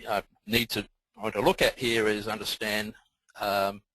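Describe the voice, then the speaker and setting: A man's voice: on the low side, little pitch movement, measured pace, sharp tone, no room sound, low-quality recording. A man with a Southern Alabama accent giving a technical webinar presentation, explaining things methodically.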